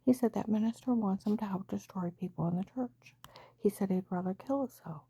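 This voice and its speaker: Brief: middle-aged woman, warm breathy voice, raw emotional testimony, breathless and urgent. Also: mid-range voice, a little fast. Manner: emotional, breathless retelling with frequent quoted dialogue. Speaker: storyteller. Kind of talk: personal testimony.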